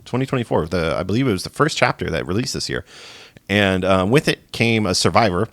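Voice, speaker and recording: A man co-hosting a casual gaming podcast, excitable and swearing a lot, laughing as he tells stories. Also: low-pitched, fairly quick. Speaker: podcast co-host.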